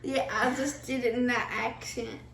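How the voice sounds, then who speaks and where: A woman helping cook in a home kitchen, talking in a laid-back, unhurried way. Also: fairly high pitch, steady tone, creaky, fairly bright tone, distant mic, a little hiss or hum. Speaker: guest cook, host's sister. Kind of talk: casual cooking chat. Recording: echoey kitchen, a bit off-mic.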